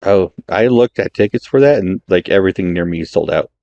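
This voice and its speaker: A young man co-hosting a film podcast, talking hesitantly with many pauses and restarts. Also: deep voice, gravelly, mellow, lo-fi sound. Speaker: podcast co-host. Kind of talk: casual film podcast chat.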